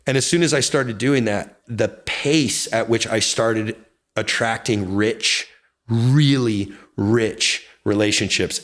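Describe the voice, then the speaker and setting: A man speaking candidly as an interview guest, intense and confessional, with sudden excited bursts. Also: lowish voice, normal speed. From United States. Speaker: guest, real estate brokerage founder.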